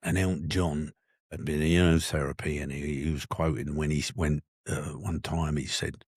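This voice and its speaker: A man, a podcast guest who is an actor and comedian, telling a personal story in an animated, emphatic way. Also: moderate pace, slightly rough, dry recording, clean studio sound. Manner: animated, emphatic, often rising in pitch.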